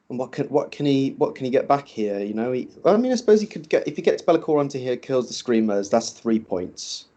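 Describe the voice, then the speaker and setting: A man's voice: mid-range voice, mellow. A man co-commentating a live tabletop wargame, thinking aloud in a hesitant way and often repeating words.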